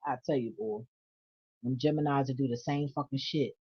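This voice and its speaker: A woman's voice: a bass voice, normal speed, breathy edge. A woman doing a casual tarot reading vlog, blunt and profane, with laughing asides. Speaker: tarot reader. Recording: dull lo-fi audio.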